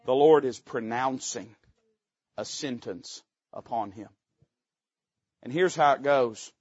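A man's voice: medium pitch, takes it slowly, a little mellow, no echo. Male preacher, folksy and joking, punchy emphatic rises, muffled lo-fi recording. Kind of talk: sermon.

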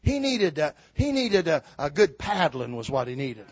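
An older man preaching a sermon, swinging from shouted exhortation to quiet, folksy storytelling. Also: fairly high pitch, big pitch swings, normal speed, breathy edge, lo-fi sound. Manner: fiery preaching, builds to shouts then drops to quiet storytelling.

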